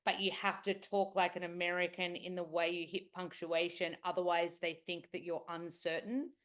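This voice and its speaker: A woman's voice: fairly low pitch, level tone, normal speed, fairly bright tone. An Australian woman chatting as a podcast guest, telling stories with playful impressions. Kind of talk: casual interview chat.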